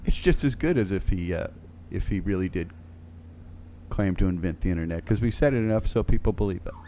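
A man's voice: sits low, expressive, fairly quick, warm tone, a little hiss or hum. A man co-hosting a casual panel chat with a dry, wisecracking manner. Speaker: co-host.

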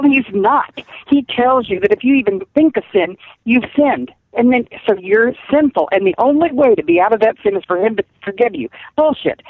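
A woman's voice: on the high side, no echo. An older woman, a guest calling in to a radio show, speaking bluntly and emphatically. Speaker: guest caller. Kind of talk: call-in radio talk. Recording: tinny phone line.

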